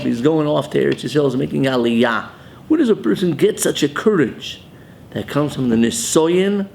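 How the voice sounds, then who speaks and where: An older rabbi with a gravelly voice delivers a Torah sermon. He weaves Hebrew and Yiddish phrases, in Ashkenazi pronunciation, into his English, and faint noise sits under the recording. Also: medium pitch, darkish tone.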